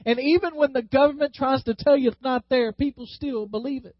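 A pastor with a high tenor delivers a sermon, slowing down and stretching his words to drive each point home. The sound is dry and a bit dull, like a modest church recording. He calls on the congregation to repeat lines back to him. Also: dry recording. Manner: leads the congregation in call-and-response; slows down and stretches words for emphasis.

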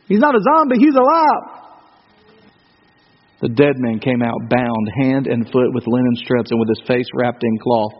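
An American man preaching a sermon as pastor, conversational, with rhetorical questions and swings between loud and hushed delivery. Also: very high voice, long reverb tail, muffled recording. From United States.

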